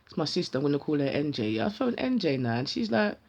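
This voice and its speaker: Lively, heavy man. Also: a little high, fast, creaky, highs cut off. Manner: animated, slangy, acts out each side of a dialogue. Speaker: vlogger. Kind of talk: casual storytelling.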